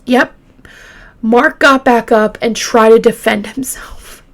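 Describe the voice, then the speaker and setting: A woman hosting a true crime show, retelling a case casually with halting fillers and restarts, openly shaken by the grim details. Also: on the high side, steady tone. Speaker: true crime podcast host.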